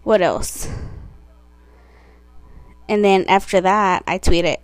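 A woman's voice: medium pitch, steady tone, takes it slowly, long pauses, no room sound. A teenage girl talking in a brash, profane, indignant rant on her own casual vlog. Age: teens. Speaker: podcast vlogger. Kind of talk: casual ranting monologue.

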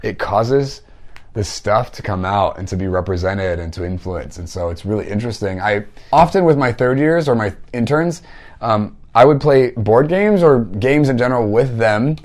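A man's voice: on the low side, expressive, normal speed, darkish tone. A man mentoring listeners in a casual teaching talk, conversational, often tagging thoughts with "like" and "right?". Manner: conversational, frequent "like" and "right?" tags.

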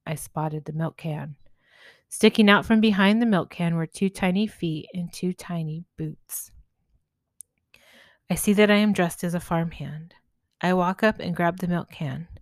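A woman, a spiritual healer, narrating a story in a gentle, measured way. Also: fairly low pitch, no room sound.

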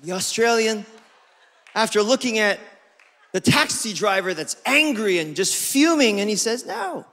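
A young man preaches in a high, bright, forceful voice, playful and joking as he tells his stories. His sermon rings through a church hall with a long, trailing reverb. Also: expressive, moderate pace. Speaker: pastor. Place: church auditorium.

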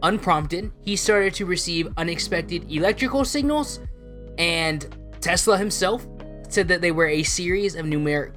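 A man's voice: a little high, a bit bright. A man hosting a casual podcast, chatting and laughing often between his lines. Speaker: podcast host. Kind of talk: casual chat.

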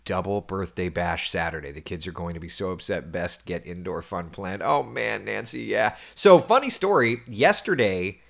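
Brief: male host in his thirties, gravelly low voice, animated casual chatter. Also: normal speed, hardly any pauses. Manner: chatty and animated, laughs often, drops to a hushed near-whisper at times. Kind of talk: casual chat reading viewer comments.

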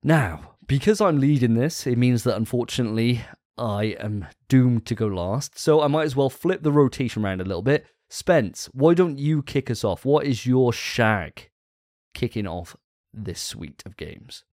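A man's voice: medium pitch, expressive, normal speed, a little mellow, no echo. A man hosts a gaming podcast in loose, casual chat. He swears freely and gets carried away with enthusiasm. The sound is close and dry with no room around it. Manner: enthusiastic, profane, laughing often. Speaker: podcast host.

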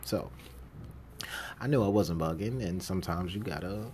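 A man's voice: low voice, normal speed, a little mellow, slight background noise. A man hosting a podcast, telling stories from his jobs in a casual monologue, acting out the voices of the people he quotes and laughing often. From New York City. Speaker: podcast host.

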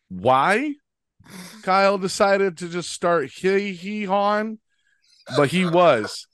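A man's voice: sits high, lively intonation, takes it slowly, pauses often, a bit bright, clear, resonant tone, dry recording, studio quality. Chatty, laughing man telling road stories. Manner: rambling storyteller, laughs often, many restarts. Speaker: podcast host. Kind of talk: casual chat.

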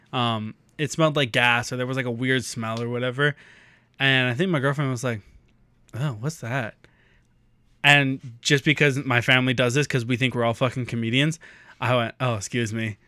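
Guy on a podcast swearing through a funny story, bright voice, totally dry sound. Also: medium pitch, smooth, no room sound. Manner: profane, animated storytelling with laughs. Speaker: podcast co-host. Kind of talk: casual storytelling chat.

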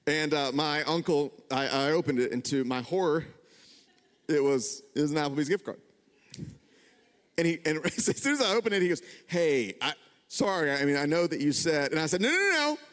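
A young adult man preaching a sermon in a church, telling funny stories about himself with lively swings in his voice. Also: moderate pace. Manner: animated, self-deprecating, jumps in pitch when excited. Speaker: pastor. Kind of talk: sermon with storytelling. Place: church sanctuary. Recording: long hall reverb.

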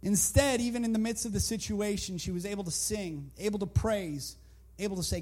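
Male preacher, very high voice, emphatic storytelling sermon. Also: brisk, a little mellow.

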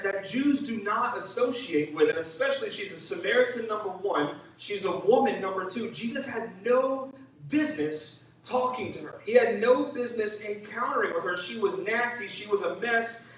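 A man's voice: sits high, moderate pace. A male pastor preaching with energy, calling for responses from the congregation and acting out the voices of people in the story. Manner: acts out voices of biblical figures. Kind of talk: sermon. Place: church sanctuary. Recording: very echoey hall, voice from far off.

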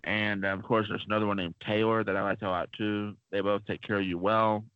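A man with a lowish voice tells long, wandering stories on a casual podcast, filling pauses with plenty of ums and uhs. The sound is dull and lo-fi, close and dry with no room around it. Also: flat delivery, smooth, dry recording. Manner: rambling, chatty, many fillers. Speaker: podcast co-host.

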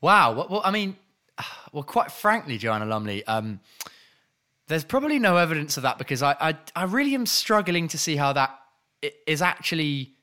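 Bright-sounding guy bantering on a comedy pod, voice bounces around a lot. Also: a little high, very animated, moderate pace. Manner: dry, hesitant, stammering restarts. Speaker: podcast co-host.

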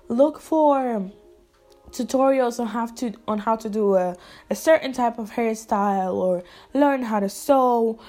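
A young woman hosts her own podcast in a casual solo chat, speaking earnestly and encouragingly straight to her listeners. Her voice is on the high side with a dark tone, and she says she talks fast and runs out of breath.

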